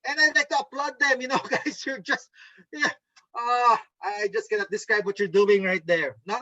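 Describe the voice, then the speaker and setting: Upbeat high-voiced male trainer. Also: fairly even intonation, normal speed, bright, forceful tone, no echo, dull audio. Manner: upbeat, coaxing, keeps asking "okay?"; mimics gloomy voices to make a point. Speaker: network marketing trainer. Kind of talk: motivational training talk over video call. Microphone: video call microphone.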